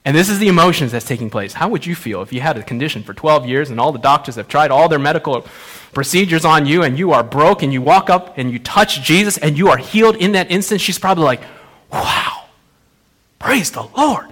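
A male pastor preaching a sermon, telling a Bible story in an animated way and acting out the characters. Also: fairly high pitch, fast talker.

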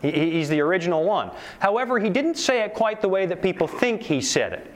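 Animated high-voiced male preacher. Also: fairly quick. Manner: animated, asks the audience rhetorical questions. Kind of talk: sermon lecture to a live audience.

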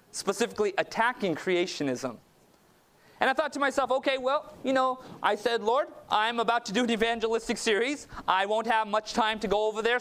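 A man's voice: sits high, fairly bright tone. A male preacher telling a personal story in a sermon, chatty and anecdotal, often checking in with "okay?". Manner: anecdotal, conversational, with frequent "okay?" asides.

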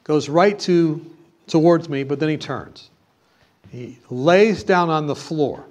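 A male preacher with a somewhat high-pitched voice delivers a sermon. He tells a story with lively animation. He then shifts into emphatic exhortation. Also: slow pace. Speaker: pastor.

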